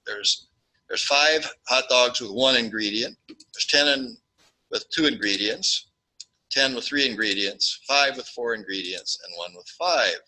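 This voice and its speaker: Bright-voiced man lecturing with playful asides. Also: mid-range voice, unhurried, rough recording. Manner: jokey, animated, acts out little scenes. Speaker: statistics lecturer. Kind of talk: classroom lecture.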